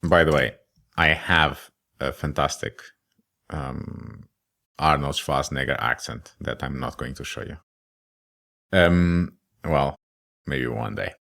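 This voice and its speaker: A man's voice: very deep voice, takes it slowly, creaky, long pauses, sharp tone. A man teaching a casual coding tutorial, thinking aloud with many ums and self-deprecating jokes. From Germany. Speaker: course instructor.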